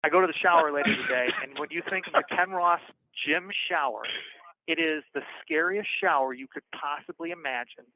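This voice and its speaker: A man frankly telling stories from his past over a phone call, animated and acting out the voices of the people in them. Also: on the high side, brisk, a little hiss or hum. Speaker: guest storyteller. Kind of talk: casual storytelling on a call. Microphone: prison phone. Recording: tinny phone line.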